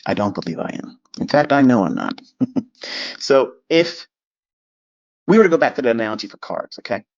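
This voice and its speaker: A man's voice: medium pitch, animated, normal speed, no echo, highs cut off. A man giving a blunt, lecture-style talk on trading, dismissive of critics, swearing and repeating himself. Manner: mimics critics in quoted asides. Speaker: trading educator.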